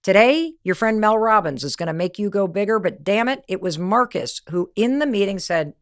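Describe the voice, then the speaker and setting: A woman's voice: medium pitch, moderate pace. A woman podcast host and motivational speaker, telling a story emphatically and speaking straight to the listener. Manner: animated, emphatic, addresses listener directly.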